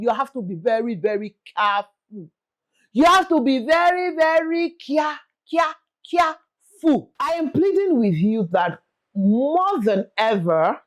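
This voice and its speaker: A young Nigerian woman with a Nigerian accent, hosting a casual real estate talk, pleading and animated, slipping in Yoruba phrases. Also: mid-range voice. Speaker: real estate vlogger host. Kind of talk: casual chat to camera.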